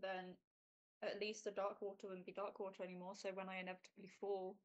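Woman, tabletop player, sarcastic, practical, mid-pitched. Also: flat delivery, fairly quick, muffled recording. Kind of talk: casual chat at a tabletop game.

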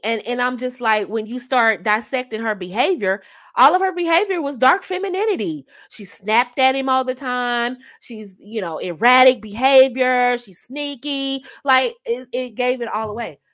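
A woman's voice: a little high, a bit bright. A woman hosting a casual advice talk on dating, emphatic and fond of repeating her key phrases with rhetorical asides. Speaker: host giving dating advice.

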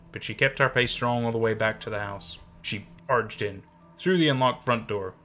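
A man's voice: mid-range voice, fairly bright tone. A man reading a first-person horror story aloud, with dramatic, suspenseful narration.

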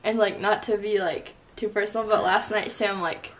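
A woman's voice: medium pitch, fairly even intonation, moderate pace. A young woman singer-songwriter vlogging in casual chat, giggly and full of fillers. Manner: chatty, many fillers, giggly.

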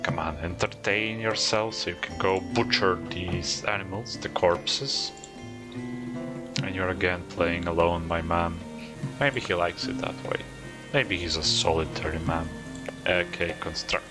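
Low, slow-talking man teasing his game characters. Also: steady tone. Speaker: gamer commentating his own play. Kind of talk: casual let's-play commentary. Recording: game music behind the voice. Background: game music.

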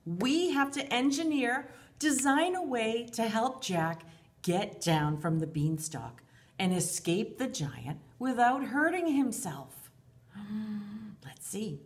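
Expressive sing-song woman teaching little kids. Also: a little high, takes it slowly. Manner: expressive, sing-song, refers to herself in the third person. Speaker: preschool teacher. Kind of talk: storybook read-aloud and lesson for young children.

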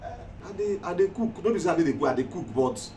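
A man's voice: high-pitched, expressive, a little fast, a little mellow. A man with a Nigerian accent playing a broke man who stammers as he pleads with a friend. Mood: pleading. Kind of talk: comedy skit acting. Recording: echoey room, far-off mic, background noise.

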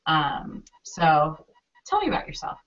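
A woman's voice: sits low, huge pitch swings, a little slow, dull audio, faint music behind. A woman hosting an interview, effusive and exclamatory, often repeating her words. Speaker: interview host and costume designer. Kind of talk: casual interview chat.

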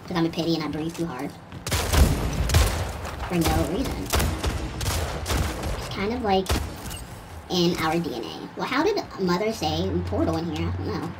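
Lady doing a whiny cussing pit bull pup gaming, sorta low voice, far off mic with loud gunfire behind. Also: noisy background, natural voice. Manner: whiny, cursing, complaining. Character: grumpy foul-mouthed pit bull puppy playing a shooter. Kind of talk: gaming commentary in character. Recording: distant voice under loud gunfire.

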